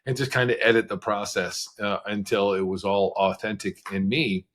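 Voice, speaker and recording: A man speaking as a podcast guest, telling his story in a frank, conversational way with quick bursts of speech and occasional laughs. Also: lowish voice, fairly even intonation, a bit bright. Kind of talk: candid storytelling interview.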